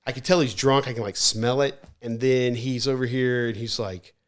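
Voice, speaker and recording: A man, a podcast guest, telling a story in a casual, animated way, full of "like" and restarts. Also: mid-range voice, moderate pace. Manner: animated, rambling, heavy use of "like".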